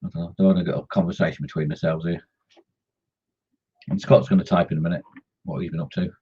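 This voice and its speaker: A man's voice: deep voice, steady tone, fast, dark tone, slightly rough, dull audio. A man chatting casually on a scale-modelling live stream, greeting viewers by name and joking as he works.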